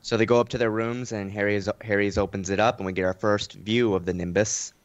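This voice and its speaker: A man co-hosting a casual book discussion podcast, calmly recapping and offering frequent backchannels. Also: fairly low pitch, fairly quick, dull audio. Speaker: podcast co-host.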